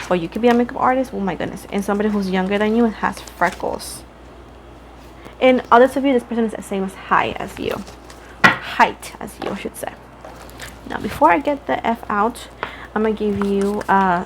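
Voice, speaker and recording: A young woman talks her viewers through a tarot reading in a loose, rambling way, often cutting herself off mid-sentence. Her pitch sits in a middle range. A faint noise hangs behind her voice. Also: a little fast. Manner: chatty, rambling, self-interrupting. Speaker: tarot reader.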